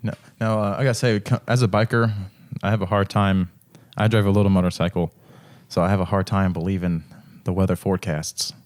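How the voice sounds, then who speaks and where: A man's voice: sits low, little pitch movement, a little fast, darkish tone. A man co-hosting a podcast, chatting casually, swearing freely and joking around. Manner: joking, laughs often, swears. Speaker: podcast co-host.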